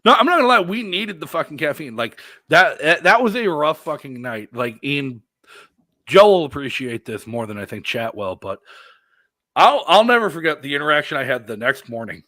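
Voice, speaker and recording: A man telling war stories in a casual podcast conversation, cursing often and swinging from loud bursts to low mutters. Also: moderate pace, no room sound. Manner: profane, animated storyteller with big swings in loudness. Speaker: veteran guest.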